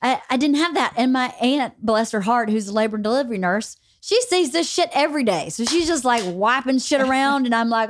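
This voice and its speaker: A woman hosts a relaxed podcast chat, her slightly high voice leaping up and down as she tells blunt, profane stories. She talks close to the mic in a dry studio with no room sound. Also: fairly quick, few pauses, no room sound. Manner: candid, swears freely, animated storytelling. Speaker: podcast host. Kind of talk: casual chat.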